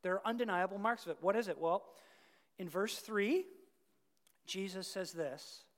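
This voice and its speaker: A pastor preaching a sermon emphatically, repeating words for stress and swinging between hushed whispers and loud bursts. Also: medium pitch, moderate pace. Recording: long hall reverb.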